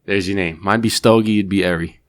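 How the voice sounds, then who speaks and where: A man's voice: deep voice, steady tone, fairly quick. A man hosting a podcast in casual chat, easygoing and rambling as he tells jokes. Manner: easygoing, rambling, many fillers and restarts when telling jokes. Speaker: podcast host.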